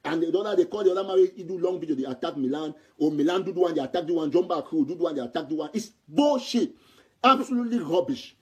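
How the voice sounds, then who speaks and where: A man from Southern Cameroon talks in Cameroonian Pidgin English. His voice is high and husky with a dark, mellow tone, and he rushes through his points in a heated, repetitive manner. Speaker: political commentator. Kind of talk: impassioned audio commentary.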